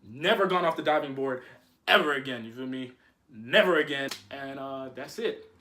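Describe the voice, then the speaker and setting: A young man telling a story to his viewers in a casual, slangy, animated way. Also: medium pitch, moderate pace. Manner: slangy, animated, keeps saying "you feel me".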